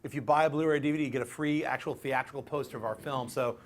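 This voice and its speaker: A man's voice: mid-range voice, fairly even intonation, quick pace. A man co-hosting a live stream in a loose, jokey way, plugging his film and bringing guests on. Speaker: show co-host.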